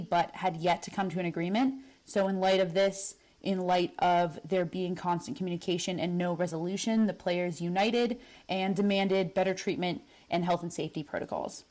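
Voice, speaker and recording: A young woman co-hosting a women's football podcast, giving a brisk news roundup. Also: on the low side, darkish tone. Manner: brisk, news-reader delivery. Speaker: podcast co-host.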